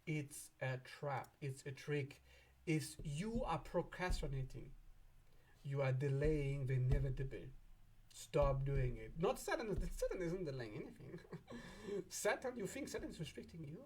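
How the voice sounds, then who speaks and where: A man hosting an astrology video in a casual, animated way, often laughing and acting out imagined back-and-forth voices. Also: on the high side, measured pace, husky.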